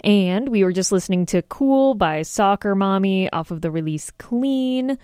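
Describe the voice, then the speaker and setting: A woman's voice: medium pitch, animated, unhurried, darkish tone, clear, resonant tone, no echo, clean studio sound. A young woman in her twenties hosting a college-style radio show, chatty and self-deprecating, laughing easily between song back-announcements. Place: radio studio.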